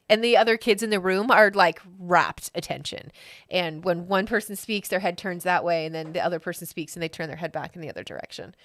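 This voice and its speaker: A woman's voice: lowish voice, a little fast, a bit bright, no echo, clean studio sound. A woman running a tabletop game as game master, chatty and self-mocking.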